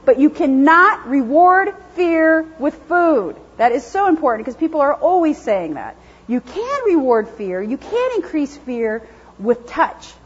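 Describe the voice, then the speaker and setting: A woman lecturing a class on dog training, lively and chatty, acting out what dogs think. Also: high-pitched, a little slow. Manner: lively, chatty, acts out dogs' thoughts in silly voices. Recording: dull, lo-fi classroom recording.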